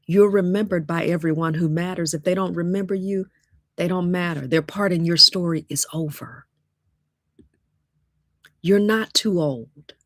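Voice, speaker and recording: Brief: woman, fifties, low voice, dry close mic, preachy coach. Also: dry recording. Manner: preachy, call-and-response, emphatic repetition. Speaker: dating coach. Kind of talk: motivational livestream talk.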